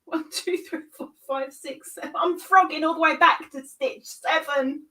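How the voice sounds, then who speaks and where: Giggly high-voiced woman crocheting. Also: steady tone, normal speed, pushed and bright, recorded from a distance. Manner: giggly, self-mocking, chatting to viewers while counting stitches. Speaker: crochet livestream host. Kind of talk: casual live-stream chat while crocheting.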